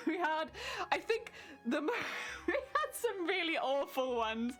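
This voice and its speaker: A woman's voice: extremely high pitch, big pitch swings, takes it slowly, fairly bright tone, soft background music. A young British woman streaming casually while crafting, chatty and giggling often. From Britain.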